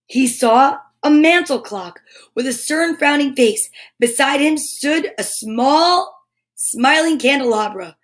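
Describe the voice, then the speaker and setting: A woman reads a children's storybook aloud in a slightly high voice, taking her time over every phrase. She is animated and breaks off with gasps and little asides to the children listening. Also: slow pace. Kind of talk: reading a picture book aloud to children.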